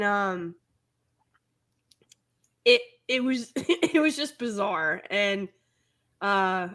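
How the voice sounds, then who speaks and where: A bright-voiced woman from the American Midwest co-hosts a casual podcast chat. She tells stories with bubbly energy, laughs often and swoops up high when she gets worked up. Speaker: podcast co-host.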